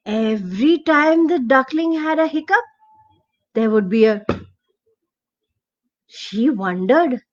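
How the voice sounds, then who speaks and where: A woman telling a children's story aloud, expressive and asking the listener questions along the way. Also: sits high, muffled recording.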